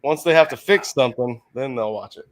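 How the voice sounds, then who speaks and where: A man's voice: medium pitch, a little fast. Laid-back older man streaming from his garage. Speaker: live-stream host. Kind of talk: casual live-stream chat. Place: home garage workshop.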